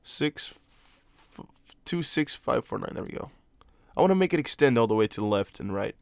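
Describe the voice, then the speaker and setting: A man's voice: medium pitch, big pitch swings, normal speed, vocal fry, dry recording. A young man, not a native English speaker, hosting a casual live stream, chatting loosely and answering viewer comments with restarts and apologetic asides. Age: young adult. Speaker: crypto livestream host.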